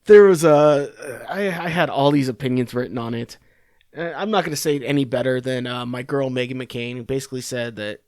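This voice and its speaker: A man's voice: mid-range voice, darkish tone, dry recording, clean studio sound. A man hosting a podcast, giving casual political commentary in a rambling, sarcastic, profane way. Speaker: podcast host.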